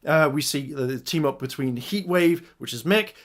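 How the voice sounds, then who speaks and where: Excited man reviewing a show. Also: a little high, normal speed. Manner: enthusiastic, retells scenes with quoted lines. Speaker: video reviewer. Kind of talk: excited casual episode review.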